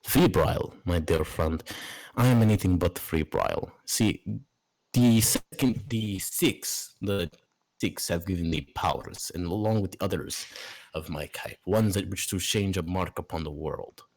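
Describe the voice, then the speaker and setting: A man voicing a grandiose, scheming warlock who persuades with theatrical flattery. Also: low-pitched, unhurried. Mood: persuasive.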